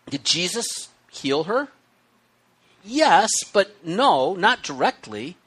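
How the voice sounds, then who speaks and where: A man preaching a sermon with hiccups, reading scripture aloud and explaining it in an animated, conversational way. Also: high voice, slow, husky. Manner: animated, conversational teaching with asides. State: has the hiccups.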